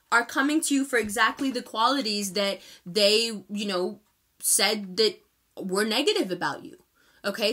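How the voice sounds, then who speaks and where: A woman with a New York accent giving a casual astrology forecast, talking fast in a chatty, emphatic way. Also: fairly high pitch, sharp tone.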